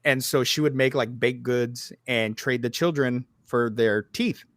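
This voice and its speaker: A man's voice: mid-range voice, measured pace, dry recording, studio quality. A man in his thirties hosting a podcast, chatting casually and telling stories, with lots of swearing and filler words. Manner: animated storytelling, swears freely, lots of "like". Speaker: podcast host. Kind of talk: casual chat.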